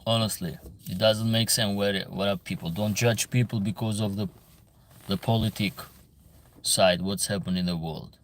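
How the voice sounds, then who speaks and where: Gravelly man lecturing his chat. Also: lowish voice, steady tone, moderate pace, a little hiss or hum. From Albania. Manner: earnest, lecturing, broken English. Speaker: livestream host reading chat. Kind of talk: casual livestream chat.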